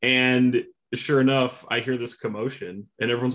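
A man's voice: mid-range voice, fairly even intonation, moderate pace, a bit bright. Chatty man telling stories. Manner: chatty storyteller, laughs easily. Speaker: podcast co-host, TV reporter. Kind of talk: casual sports podcast chat.

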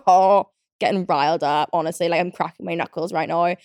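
A woman's voice: lowish voice, steady tone, normal speed, no echo, studio quality. A young British woman hosting a podcast, chatting casually and ranting in a riled-up way, with lots of fillers, swearing and frequent laughter. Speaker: podcast host. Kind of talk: casual chat.

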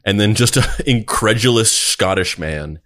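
A man's voice: fairly low pitch, a little slow, fairly bright tone. A man co-hosting a podcast, chatting casually and joking with frequent laughter. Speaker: podcast co-host. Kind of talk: casual chat.

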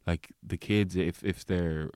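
A man's voice: low voice, slow pace, smooth, no echo, clean studio sound. An Irish man telling a story in casual chat, rambling, swearing freely and filling his talk with "like". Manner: rambling, frequent swearing and filler "like"; animated retelling with voiced quotes. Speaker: guest.

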